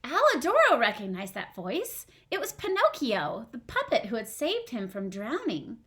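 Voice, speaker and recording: Chatty teacher reading to first graders. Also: female voice, fairly high pitch, sing-song, unhurried, a bit bright. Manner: chatty, asks the kids questions. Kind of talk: reading a storybook aloud to children. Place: at home.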